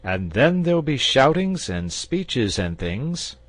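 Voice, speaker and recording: Earnest persuasive knight, storybook, raised above a low voice, lively swings, played by a man. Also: slow, dry recording. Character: confident, patient male knight.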